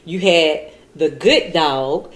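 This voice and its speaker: A woman's voice: low-pitched, slow, echoey room. A woman chatting casually with a friend, laughing along and then giving earnest advice. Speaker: friend chiming in. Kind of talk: casual chat.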